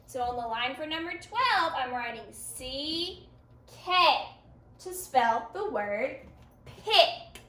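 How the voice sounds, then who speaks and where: A high, bright woman's voice leads a children's phonics lesson at an unhurried pace, stretching words out sound by sound. She praises the children often. The room is echoey and she sits a little off the mic. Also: recorded from a distance. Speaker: phonics teacher. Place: room with a board.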